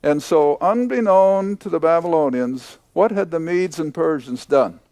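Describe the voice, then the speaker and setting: An older man teaching a Bible lesson to a class, slow and emphatic, repeating key points. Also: fairly high pitch, a little mellow, dry recording.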